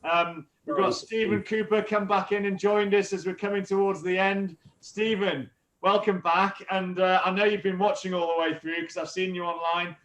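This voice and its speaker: A man's voice: high voice, level tone, normal speed, few pauses, a bit bright, roomy sound. A man hosting a live online fitness event, enthusiastic and stumbling over restarts. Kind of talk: upbeat live-stream hosting.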